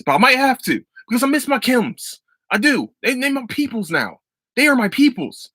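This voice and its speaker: A man hosts a laid-back solo podcast and rambles through his thoughts with loose, profane excitement. His voice has a bright, forceful edge. The recording is dry and close, with no room sound. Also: high-pitched, quick pace, no room sound. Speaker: podcast host. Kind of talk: casual solo podcast chat.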